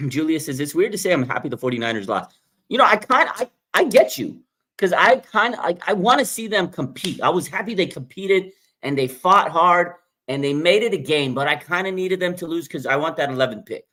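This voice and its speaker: A man hosting a live fan reaction stream in a casual, excitable way, laughing and ranting with his voice jumping up when he gets hyped. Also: fairly high pitch, fairly quick. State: has a bloody nose. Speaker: sports fan livestream host.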